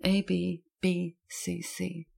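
A woman's voice: lowish voice, completely flat delivery, slow pace, creaky, a little mellow. A woman talking thoughtfully about a poem in an unscripted conversation, with frequent hesitations. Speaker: poetry guest discussing a poem. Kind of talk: conversational literary discussion.

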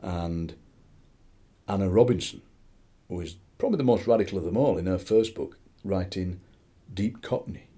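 A middle-aged man from Barnsley, South Yorkshire, reads his poetry and chats conversationally in an interview, animated and quick to slip into quoted voices. His voice is low-pitched at a moderate pace.

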